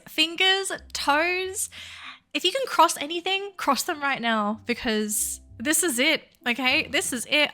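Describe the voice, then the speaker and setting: An excitable woman with a very high, bright voice, gushing to her viewers as she plays a game. She speaks at an unhurried pace. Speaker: VTuber game video host. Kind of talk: game video commentary.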